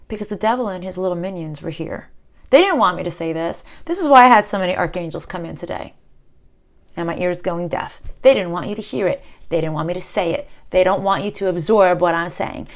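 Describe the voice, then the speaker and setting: Woman tarot reader speaking to camera, impassioned, with sudden drops to hushed tones, mid-range pitch. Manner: impassioned, swinging from loud outbursts to hushed near-whispers. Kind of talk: spiritual tarot reading to camera.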